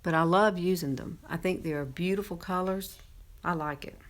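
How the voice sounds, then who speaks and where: A woman's voice: lowish voice, moderate pace. A woman in her fifties with a Southern American accent, chatting casually through a makeup tutorial and laughing often as she works. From Southern United States. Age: 50s. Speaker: makeup presenter.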